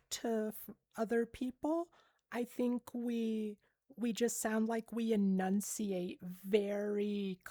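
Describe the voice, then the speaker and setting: A woman streams casually and replies to her chat at an unhurried pace. She rambles with lots of fillers and soft giggles. Her voice is close and dry on a desk mic. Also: a little high, dry recording. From United States. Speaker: livestreamer reading chat.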